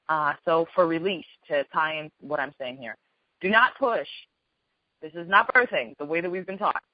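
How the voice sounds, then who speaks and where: Woman, spiritual healer hosting a call; gentle, earnest, repetitive; muffled lo-fi dry audio. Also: deep voice, no room sound. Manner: gentle, earnest, repeats key phrases. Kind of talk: spoken teaching on a group call.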